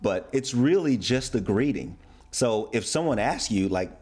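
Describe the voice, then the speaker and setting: A man from the United States talks through slang in a loose, friendly explainer style. His voice sits a little low, and he slips into playful voices for the examples. Faint music plays in the background. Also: animated, normal speed, a little mellow, husky. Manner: playful, acts out example phrases in shifting voices. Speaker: YouTuber explaining American slang. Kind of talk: casual explainer video.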